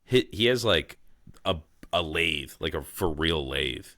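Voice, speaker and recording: A man's voice: rumbling low, expressive, unhurried, fairly bright tone, no room sound, studio quality. A man co-hosting a podcast, chatting casually, swearing and saying dude a lot. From New England. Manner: swearing, laid-back, says dude a lot. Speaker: podcast co-host. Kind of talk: casual chat.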